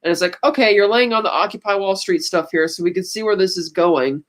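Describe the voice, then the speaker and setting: A man's voice: sits high, quick pace, a bit bright. A man co-hosting a podcast, chatting casually as he retells movie scenes and quotes their lines. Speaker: podcast co-host. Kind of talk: casual movie recap chat.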